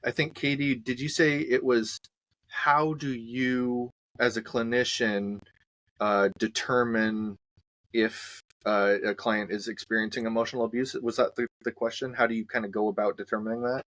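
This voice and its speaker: A male clinician in a discussion, speaking thoughtfully and hesitantly, with many pauses and restarts. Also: mid-range voice, fairly even intonation, fairly bright tone, dry recording. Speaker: clinician and co-host. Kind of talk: conversational discussion.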